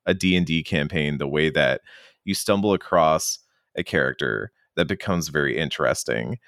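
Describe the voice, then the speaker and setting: A man co-hosting a casual podcast chat, enthusiastic and fond of acting out characters in quick silly voices. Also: rumbling low, creaky, fairly bright tone, no room sound, clean studio sound. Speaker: podcast co-host.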